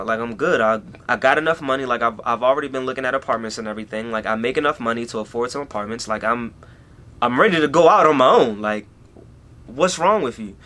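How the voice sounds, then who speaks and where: A man's voice: mid-range voice, sharp tone. A young man talking through a personal story on his vlog, rambling along with plenty of "you know" and "like" in a casual way. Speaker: YouTuber.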